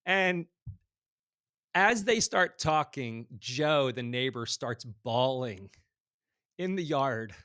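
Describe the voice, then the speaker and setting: A man's voice: medium pitch, takes it slowly, no echo, clean studio sound. A man guest on a podcast, telling stories casually and acting out bits of dialogue with lots of fillers. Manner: animated storyteller acting out dialogue, frequent fillers. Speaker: guest author. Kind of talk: casual storytelling in a podcast conversation.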